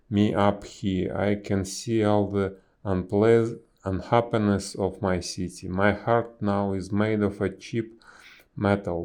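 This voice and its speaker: A man reading a storybook aloud, voicing a kind, sorrowful young prince turned statue, pleading gently. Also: on the low side, clean tone.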